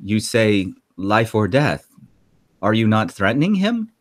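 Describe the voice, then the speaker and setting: A man's voice: on the low side, big pitch swings, measured pace. A man voicing a woman interpreter in a tabletop game, speaking in stiff, careful, formal phrases. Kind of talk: tabletop role-play voicing.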